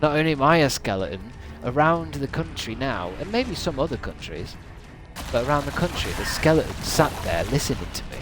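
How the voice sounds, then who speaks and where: A man's voice: mid-range voice, big pitch swings, a little fast, music in the background. Rambling, jokey male game streamer. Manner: rambling, self-mocking, jokey asides. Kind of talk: casual stream sign-off chat. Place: home room at his desk.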